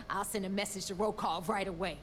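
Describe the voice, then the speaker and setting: A woman voicing a sharp, eager female crew member in a video game, with quick, excitable retorts. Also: mid-range voice, a little hiss or hum. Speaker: game character.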